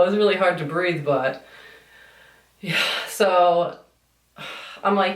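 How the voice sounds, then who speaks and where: A woman's voice: on the low side, slow, pauses often. A woman chatting while doing her makeup in a get-ready-with-me vlog, rambling and complaining, swearing casually. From United States. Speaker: beauty vlogger. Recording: echoey room, somewhat far from mic.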